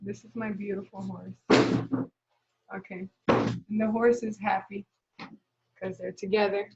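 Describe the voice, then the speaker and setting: A woman's voice: mid-range voice, little pitch movement, slow pace, gravelly, muffled recording, heavy background noise. A woman teaching kindergarten in a live online lesson, patiently sounding out words letter by letter as she models writing a sentence.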